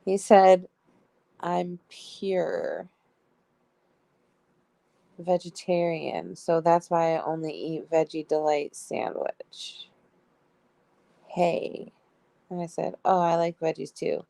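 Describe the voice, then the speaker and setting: A woman's voice: on the low side, steady tone, slow, gravelly, long pauses, warm tone, dry recording. A young woman streamer casually reading out both sides of a text chat, giggling often. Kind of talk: casual live-stream storytelling.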